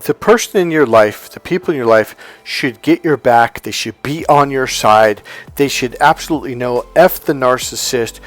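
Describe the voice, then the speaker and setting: A man speaking as a life coach in an emphatic motivational monologue, blunt and forceful, swearing for emphasis and acting out other people's lines in a raised voice. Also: mid-range voice, moderate pace, faint music behind.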